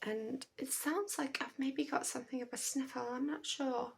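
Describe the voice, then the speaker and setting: A woman's voice: high-pitched, fairly even intonation, normal speed, vocal fry, a little hiss or hum. A British woman chatting to camera at home in a rambling, chatty way, laughing often. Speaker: vlogger. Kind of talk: casual chat to camera.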